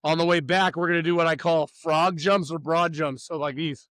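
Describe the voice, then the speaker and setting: Upbeat male pitching coach, slightly high voice, teasing, shouting cues, dry room. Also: fairly even intonation, moderate pace, no room sound. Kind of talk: coaching a youth warm-up.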